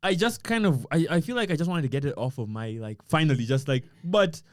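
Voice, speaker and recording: A young man from Uganda talks in a casual podcast chat. His voice sits a little high and sounds dry and close to the mic. He tells his stories with animation and keeps acting out what he said. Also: brisk, no echo. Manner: animated storytelling, quotes himself often. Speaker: podcast guest. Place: podcast room.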